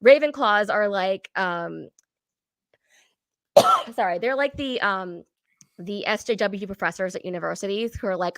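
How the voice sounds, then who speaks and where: A woman of medium pitch co-hosts a casual chat, rambling with many fillers. She acts out the people she talks about in quotes. Her voice sounds close and dry. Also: a little slow, long pauses, a bit bright, no echo. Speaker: co-host.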